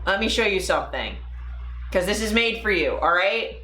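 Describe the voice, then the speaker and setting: A woman hosting a casual live stream, talking to chat viewers in a profane, animated way. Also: medium pitch, moderate pace. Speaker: livestream host. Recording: echoey room with faint ambient noise.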